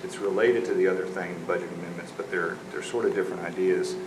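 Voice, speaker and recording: A man's voice: low voice, fairly even intonation, fast. A man, a city council member thinking aloud in discussion, often repeating words as he goes. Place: council chamber. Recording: echoey chamber, background noise.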